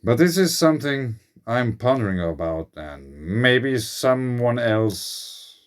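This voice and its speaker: A man with a Finnish accent, speculating in a slow, musing monologue as host of his channel, his English phrasing a little uneven. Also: medium pitch, sing-song.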